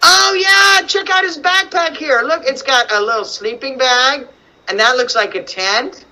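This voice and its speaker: A woman teaching young children to read over a video call, animated and coaxing, full of questions. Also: high voice, measured pace, low-quality recording. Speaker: kindergarten teacher. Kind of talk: online reading lesson for young children. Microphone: computer mic on video call.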